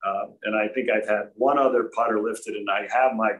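A man from Rhode Island, a former tour golfer, telling relaxed anecdotes in a casual chat with frequent restarts. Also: lowish voice, a little fast, muffled recording.

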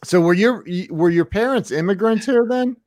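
A man's voice: high voice, normal speed, a little mellow. A male interviewer who mostly reacts with short exclamations and asks easygoing questions. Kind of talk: casual interview.

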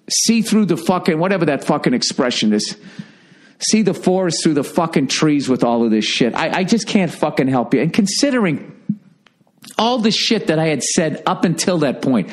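A stand-up comedian telling a profane anecdote, ranting indignantly with heavy swearing. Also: male voice, on the high side, animated, normal speed.

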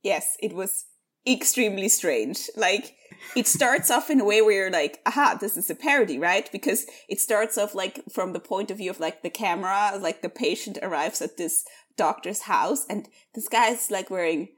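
Woman, podcast guest, casual film chat, lively and laughing, mid-pitched. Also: moderate pace. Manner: lively, laughing, chatty recounting. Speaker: podcast guest discussing films.

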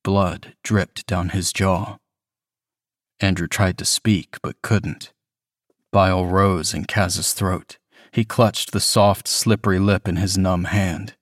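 A man reading a horror story as scripted narration, measured and even. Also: sits low, no room sound, clean studio sound. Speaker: reader.

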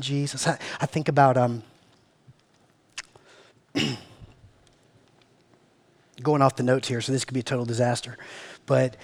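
A man preaching to his church in a casual, slangy way, swinging between loud and hushed. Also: medium pitch. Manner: slangy, calls listeners "man" and "family". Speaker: pastor. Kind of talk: sermon. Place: church meeting room.

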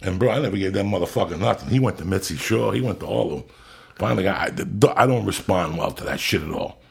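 Gravelly, raspy, low-voiced man. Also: fast talker. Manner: profane, blunt storyteller. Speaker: podcast host. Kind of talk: casual storytelling chat.

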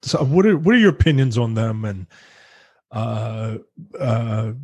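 A man co-hosting a podcast in casual chat, halting and full of restarts. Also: on the low side, lively intonation, darkish tone, husky, dry recording. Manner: halting, many restarts and fillers. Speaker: podcast co-host.

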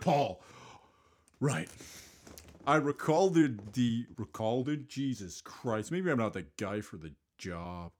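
A man hosting a comedy podcast, rambling and scatterbrained, with frequent self-mocking asides. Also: fairly low pitch. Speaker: host. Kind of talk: improvised comedy monologue.

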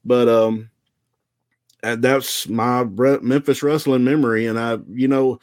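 Rambling Southern ex-wrestler storyteller. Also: male voice, mid-range voice, a little slow, dry recording. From American South. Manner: relaxed, rambling, self-deprecating. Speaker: former wrestler telling stories. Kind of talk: casual storytelling.

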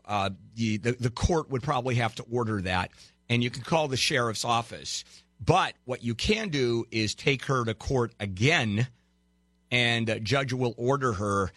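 Loud joking guy running a call-in legal show, bright punchy voice, dry close sound. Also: medium pitch, no echo. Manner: brash, teasing, wisecracking. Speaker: radio legal advice show host. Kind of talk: call-in radio advice.

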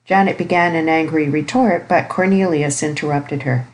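Brief: woman narrator, low voice, measured audiobook reading. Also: poor audio. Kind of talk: scripted narration.

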